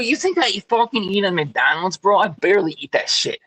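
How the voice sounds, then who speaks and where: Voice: mid-range voice, sing-song, brisk, fairly bright tone, slightly rough, poor audio. A caller in a heated casual argument, blunt and combative, swearing heavily. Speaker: caller on a stream.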